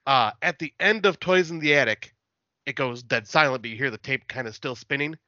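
A man's voice: mid-range voice, fairly quick, bright, forceful tone, no echo, lo-fi sound. A man chatting casually as a podcast guest, telling stories in a laid-back way, swearing and laughing often.

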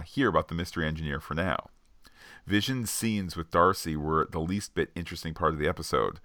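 A man with a very low voice co-hosts a podcast and works through listener tweets with the odd filler. His voice sits close and dry, with no room around it. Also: fairly bright tone, dry recording. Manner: reads off a list with frequent uh fillers. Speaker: podcast co-host.

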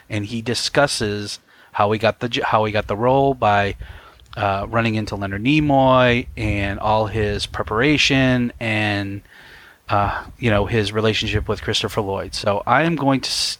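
A man's voice: lowish voice, fairly bright tone, no echo. Laughing man in casual chat. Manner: laughs often, playful. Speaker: podcast co-host.

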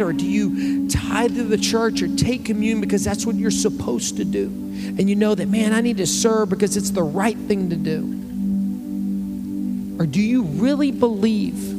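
A male pastor preaching a conversational sermon to his church, acting out quotes in his telling. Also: high-pitched.

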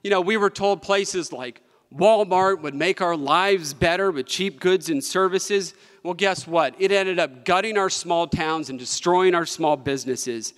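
A state treasurer from West Virginia gives an impassioned political speech at a podium in a large conference hall, emphatic and repeating for effect. His high voice is a bit bright and clean, measured with few pauses, and long hall reverb fills the recording.

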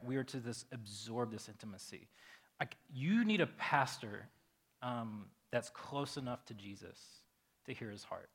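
A man's voice: mid-range voice, fairly bright tone. A man preaching a casual sermon as pastor, talking loosely and conversationally with lots of fillers.

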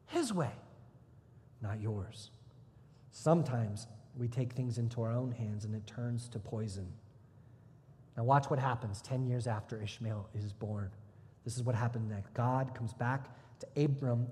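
A man preaching a conversational sermon as pastor, lively and acting out quoted voices. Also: medium pitch, in a large hall.

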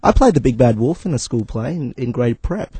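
A man's voice: medium pitch, sing-song, fairly quick, dark tone. A man as a guest on a comedy radio show, self-deprecating, easily amused and a bit rambling.

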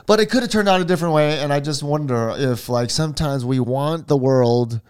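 A man's voice: fairly high pitch, brisk, a little mellow, clean tone. A man from Hawaii co-hosting a casual podcast, telling stories in a rambling, profane way. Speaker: podcast co-host. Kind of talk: casual chat.

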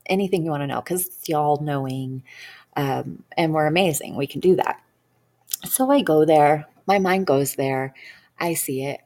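A woman hypnosis practitioner with a low-sitting, darkish voice tells a personal story. She speaks earnestly and rambles, using many fillers.

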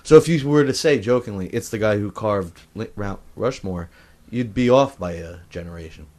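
A man hosting a comedy quiz podcast, crude and quick in his banter. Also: lowish voice, a little mellow. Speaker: quiz host.

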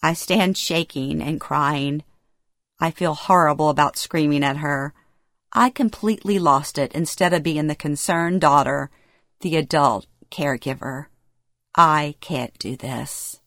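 Her voice deep and a bit bright, a middle-aged woman reads her first-person memoir at a measured pace. She relates it in the present tense and gives the dialogue emotional, acted delivery, recorded at studio quality with no room sound.

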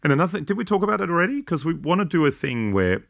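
A very animated Australian man with a fairly high, gravelly and fairly bright voice co-hosts a podcast. His talk is loose and rambling, packed with jokes and quick asides.

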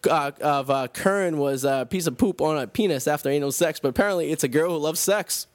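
A man's voice: on the high side, brisk, no echo. A man with a Boston accent hosting a radio show, laughing, rambling and crude. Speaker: radio host. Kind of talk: casual radio banter.

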